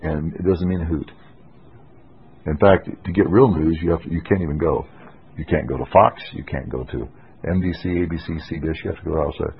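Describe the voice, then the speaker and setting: A deep, breathy-voiced male preacher delivers an expository sermon with emphatic, insistent conviction. His voice is rough and low. It comes through a muffled, lo-fi radio broadcast. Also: fairly quick. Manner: emphatic, rising to forceful insistence.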